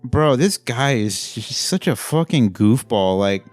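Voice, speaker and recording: A man giving a casual, rambling, profane movie review, getting animated as he rants. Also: medium pitch, a little slow, soft background music.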